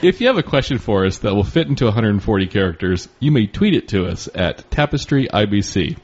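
A man's voice: on the low side, animated, brisk, a little mellow, slightly rough. A man hosting a podcast, affirming guests with short replies and laughing easily. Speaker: podcast host. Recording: dull lo-fi audio.

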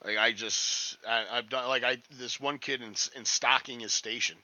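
A man's voice: mid-range voice, fairly even intonation, normal speed, sharp tone, dry recording, rough recording. A man chatting casually as a restaurant line cook, rambling, swearing a lot and sounding cocky. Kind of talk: casual podcast chat.

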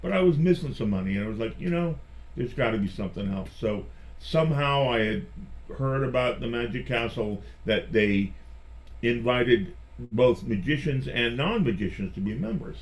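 A middle-aged man, a magician guest, telling personal stories in a chatty, animated way and often restarting his phrases. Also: medium pitch, normal speed. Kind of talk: personal storytelling in conversation.

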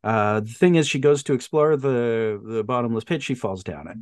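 Animated man chatting on a podcast. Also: mid-range voice, normal speed, clear, resonant tone, dry recording, studio quality. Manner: animated, laughs often, mimics voices. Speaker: podcast host. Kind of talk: casual chat.

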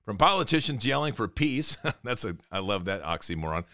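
A man's voice: lowish voice, big pitch swings, brisk, few pauses, sharp tone, no echo, clean studio sound. A man hosting a commentary show, ranting indignantly and sarcastically while reading news items aloud.

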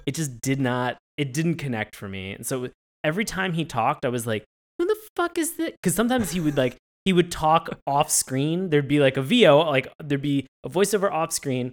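Animated, profane man chatting. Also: moderate pace. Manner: profane, animated, jumps high when mimicking reactions. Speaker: podcast co-host. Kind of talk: casual chat reviewing a show.

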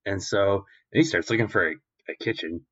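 A man's voice: lowish voice, fairly quick, fairly bright tone, slightly rough. A man co-hosting a podcast, recapping an episode in a rambling, filler-heavy, profane way. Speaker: podcast co-host. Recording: dull lo-fi recording.

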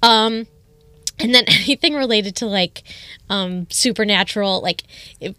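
A young woman co-hosting a radio show, talking casually and softly with lots of fillers. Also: mid-range voice, measured pace, dry recording. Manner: soft-spoken, trailing off, many fillers. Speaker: radio co-host.

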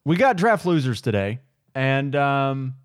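A man's voice: mid-range voice, sing-song, a little slow, dry recording, clean studio sound. A man hosting a podcast in casual chat, laughing easily and rambling a bit. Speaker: podcast host.

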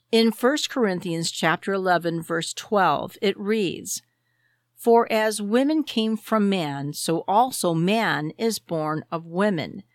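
Slow, measured woman teaching scripture. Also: mid-range voice, a bit bright, no room sound, studio quality. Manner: measured, deliberate delivery with rhetorical questions. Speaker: podcast host. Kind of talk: scripted Bible teaching monologue.

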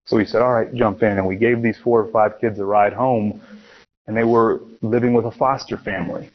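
A man's voice: lowish voice, steady tone, brisk, lo-fi sound. A man from Miami preaching a sermon, telling personal stories in a casual, conversational way with frequent restarts. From Miami, USA.

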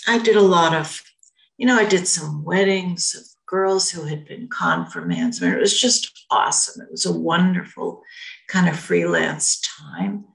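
A woman's voice: lowish voice, very animated, a little slow, vocal fry, fairly bright tone, reverberant, rough recording. A retired woman rabbi in her seventies chatting on a video call, telling her story in a rambling, self-correcting way. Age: 70s. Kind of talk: casual group conversation.

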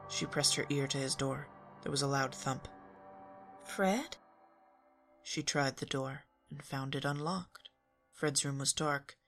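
A woman storyteller reading a story aloud in a calm, even narration. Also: very deep voice, moderate pace, faint music behind.

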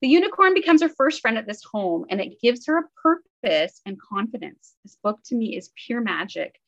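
Gravelly, enthusiastic woman reviewing books. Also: a little high, very animated, normal speed, lo-fi sound. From Canada. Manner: enthusiastic, rambling with fillers and asides. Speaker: book podcast co-host. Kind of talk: casual book review chat.

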